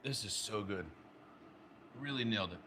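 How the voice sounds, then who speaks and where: Bright and forceful, the lowish voice of a young American cooking vlogger comes through at normal speed over a little hiss or hum. He plates food in his home kitchen, casually chatting with his partner and the people watching.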